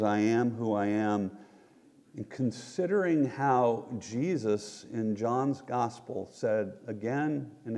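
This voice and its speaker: A man preaching a sermon as pastor, earnest and measured, with quoted asides. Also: mid-range voice, a little mellow. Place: church sanctuary. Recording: long reverb of a large hall.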